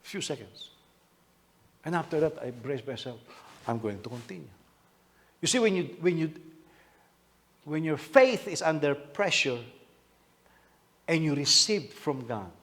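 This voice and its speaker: A man pastor from the Philippines preaching a sermon, animated, with many repetitions and rhetorical questions. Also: on the high side, a little slow, long pauses.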